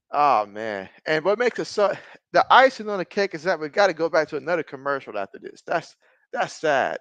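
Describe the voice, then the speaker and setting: A man in his thirties hosting a casual live stream, calling football plays and reading viewer chat aloud, reacting loudly to big plays. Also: fairly high pitch, no room sound. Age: 30s. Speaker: live-stream sports host.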